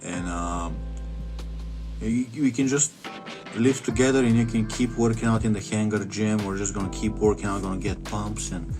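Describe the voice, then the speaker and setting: A man voicing a jealous, frantic husband who yells warnings, with music behind. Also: fairly low pitch, steady tone, normal speed, natural voice. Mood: coaxing. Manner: yelling, frantic.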